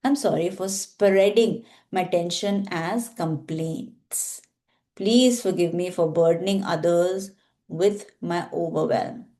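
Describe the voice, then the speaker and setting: Brief: woman healer guiding a practice, low and mellow, slow deliberate affirmations.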